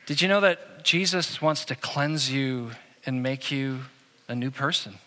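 A man with a bright, forward voice preaches to his congregation in a relaxed, conversational way, and he keeps slipping humorous stories into the sermon. His words carry with a long reverb through a large hall. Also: mid-range voice, a little slow. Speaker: pastor.

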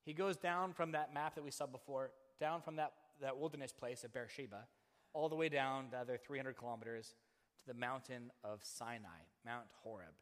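Man, pastor, thirties, lively sermon storyteller, mid-pitched voice, reverberant hall. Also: normal speed. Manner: animated storyteller who acts out quoted voices.

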